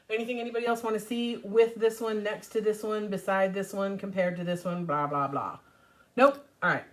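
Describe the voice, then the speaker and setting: Chatty middle-aged woman hosting a live demo. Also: fairly high pitch. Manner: chatty, upbeat, rambling. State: recovering from covid, slightly hoarse. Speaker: host of a live paint demo. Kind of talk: casual live-stream chat.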